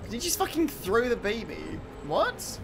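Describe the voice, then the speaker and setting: A streamer giving live gameplay commentary, reacting excitably with plenty of swearing and reading out chat messages. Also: mid-range voice, normal speed, creaky, over music.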